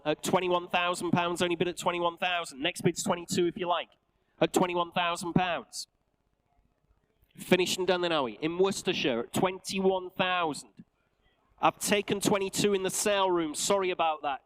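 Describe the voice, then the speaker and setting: A man with a Northern English accent calling bids at a live car auction, with rapid patter and jokey asides. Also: high-pitched, fairly bright tone, poor audio. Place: auction sale room.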